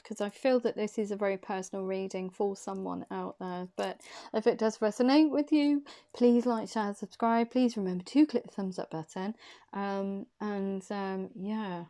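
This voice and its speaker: A woman's voice: medium pitch, warm tone. A woman giving an intuitive tarot reading, short of breath, hesitant and often repeating her questions. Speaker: tarot reader.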